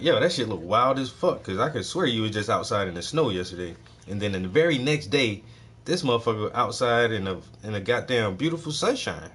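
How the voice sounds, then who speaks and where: A man hosting a casual chat show, telling rambling, profane stories in an animated way. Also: lowish voice. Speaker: host.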